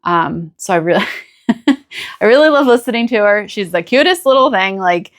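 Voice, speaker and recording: An American woman hosts her own knitting podcast in a relaxed, chatty way. She gushes and rambles, restarting her sentences as she goes. Her voice sits at a middling pitch. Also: moderate pace. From United States. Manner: chatty and gushing, with small restarts and laughs. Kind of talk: casual chat to camera.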